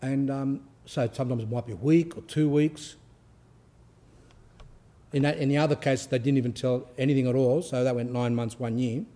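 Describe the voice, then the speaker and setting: A man's voice: mid-range voice, fairly even intonation, normal speed, mellow. A male Orthodox priest giving an informal spiritual talk. He speaks conversationally, with anecdotes and frequent fillers, and reads passages aloud with rising emphasis.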